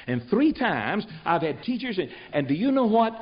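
A man's voice: on the high side, very animated, a little fast, few pauses, breathy edge. An older man, a preacher, telling stories as a guest on a talk show, in a folksy and emphatic way that repeats phrases for effect. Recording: dull lo-fi recording.

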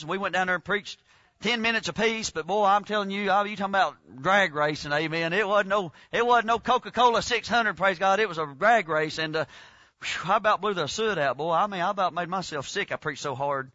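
Southern guy preaching revival, bright ringing voice, real dry sound. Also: sits high, dry recording, highs cut off. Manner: folksy, rising to fervent shouting. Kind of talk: revival sermon. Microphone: lapel mic.

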